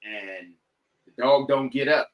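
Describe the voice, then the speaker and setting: A man on a podcast telling a story casually, animated and profane, acting out what people said. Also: mid-range voice, slow pace, poor audio. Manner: animated, profane, acts out quoted lines. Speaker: podcast guest.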